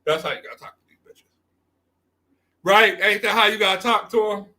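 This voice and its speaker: Male streamer, cussing trash-talker, bright cutting tone, repeats his points. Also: high-pitched, a little fast. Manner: profane, blunt trash talk; rambling, repeats himself. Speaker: livestream host. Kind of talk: unscripted stream commentary.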